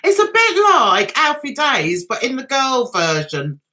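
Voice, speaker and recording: A chatty woman talking on a livestream, her high voice climbing and dropping with every reaction. Her tone is bright and sharp, and she keeps up an excitable patter as she answers viewers. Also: measured pace. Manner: chatty and excitable, reads viewer comments aloud. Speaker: livestream host. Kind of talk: casual livestream chat.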